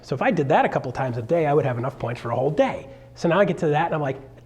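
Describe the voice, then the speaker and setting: A man's voice: on the high side, lively intonation, rapid-fire, hardly any pauses, a little mellow. A middle-aged man coaching a live seminar, joking and acting out the voices of clients as he goes. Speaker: real estate coach.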